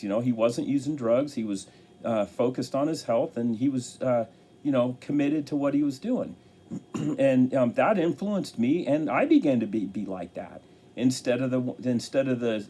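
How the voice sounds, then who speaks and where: A man giving an earnest motivational talk to camera, halting and restarting his sentences often. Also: mid-range voice, dark tone, husky. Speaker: motivational speaker.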